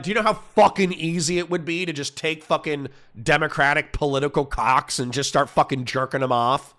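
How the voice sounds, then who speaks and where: A young man argues hard in an online debate. His voice sits fairly high, and his delivery is blunt, profane and rapid-fire. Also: bright, forceful tone. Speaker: debater and streamer.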